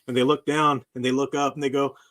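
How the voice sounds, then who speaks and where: A male professor hosts a casual livestream chat from his own channel. His talk is animated and emphatic, and he often laughs at his own remarks. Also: mid-range voice, fast talker. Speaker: university professor and channel host.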